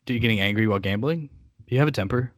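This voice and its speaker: A man's voice: on the low side, rapid-fire, no room sound, studio quality. A man co-hosting a podcast, chatting casually and steering the talk in a laid-back, wry way. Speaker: podcast co-host. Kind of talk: casual chat.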